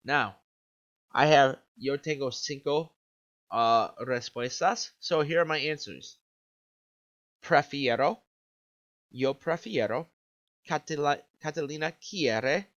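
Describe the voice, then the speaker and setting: A man's voice: fairly high pitch, fairly bright tone. A male Spanish teacher giving an upbeat video lesson, checking in with "okay?" and quizzing the viewer. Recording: dull lo-fi recording.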